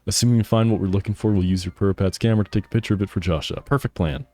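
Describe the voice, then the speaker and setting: A man's voice: on the low side, steady tone, racing, a little mellow, no room sound, soft background music, close to an everyday voice. A man voicing an eccentric older male researcher who reads his game lines in a theatrical, dramatic way. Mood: scheming.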